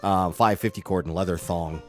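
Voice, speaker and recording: A man co-hosting a casual chat, relaxed and rambling, laughing easily as he explains things. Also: low-pitched, normal speed, faint music behind. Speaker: podcast co-host.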